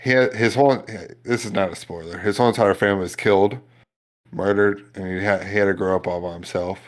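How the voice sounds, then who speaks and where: A young man with a very low voice chats casually on a podcast. He rambles, filling his sentences with "like". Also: steady tone, fairly quick. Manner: rambling, full of "like" fillers. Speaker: podcast co-host. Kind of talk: casual chat.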